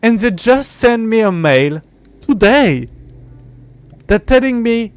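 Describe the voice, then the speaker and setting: A very high-pitched young man with big pitch swings speaks at a slow pace, his tone clean and the recording dry. Chatting on his live gameplay stream in English, he's frustrated, swearing and muttering to himself.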